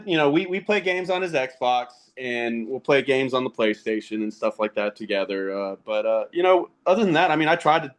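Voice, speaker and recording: A man's voice: mid-range voice, fairly bright tone. A man in his thirties, a podcast guest, telling casual stories about fatherhood and gaming, laughing often as he talks. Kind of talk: casual storytelling.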